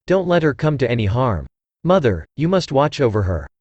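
A man's voice: medium pitch, sing-song, moderate pace, darkish tone, breathy edge, no echo, highs cut off. A synthesized male voice reading the lines of a worried, blunt young man who insists his sister be protected, as in an audiobook. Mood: insistent.

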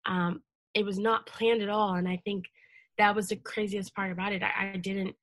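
A woman's voice: medium pitch, flat delivery, moderate pace, a bit bright, no echo. Earnest young woman telling a story. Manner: emotional, earnest storytelling with fillers. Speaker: guest. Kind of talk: casual interview conversation.

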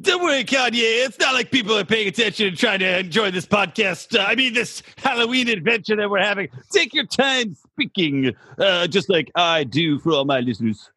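A man putting on a pompous, brash mock president with a high, wildly swooping sing-song voice. The tone is bright and a little husky, recorded close and dry, as in a comedy podcast. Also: lively intonation, moderate pace, few pauses, dry recording, heavily acted. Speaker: podcast host. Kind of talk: drunken comedy role-play.

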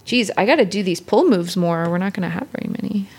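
A woman's voice: mid-range voice, expressive, quick pace, a little mellow, a little hiss or hum. A woman playing an improvised romance role-play game, narrating her character's moves in a playful, giggly way. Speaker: co-host and player.

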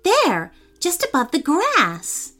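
A woman's voice: very high-pitched, wildly swooping pitch, takes it slowly, fairly bright tone, soft background music, voice pushed up, heavily acted. A woman doing an eager young boy. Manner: eager and helpful. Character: brave, kind young boy on an adventure.

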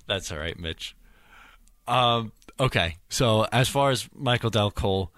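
A man co-hosting a casual sports podcast, relaxed and teasing, steering the conversation along. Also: on the low side, unhurried, no echo, clean studio sound. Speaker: podcast co-host.

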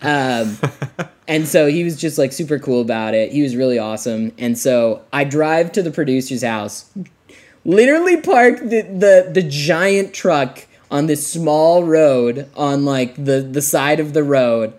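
A young man with a fairly high, darkish voice and lively intonation speaks a little slowly. He's a guest on a podcast, spinning a long, rambling story in casual fashion, full of "like" fillers, with laughs scattered between his lines.

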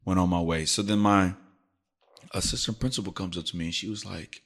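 Middle aged guy, low voice, casual podcast chat, tells a school story and does coworkers' lines. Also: steady tone, brisk, a bit bright. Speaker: podcast host, teacher.

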